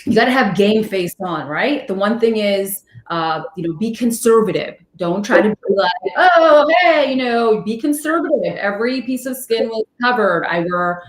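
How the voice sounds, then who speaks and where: Animated woman reporter in an echoey room. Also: normal speed, few pauses. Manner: animated storyteller, acts out quotes in a high voice. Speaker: TV news reporter, guest. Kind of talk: casual interview talk.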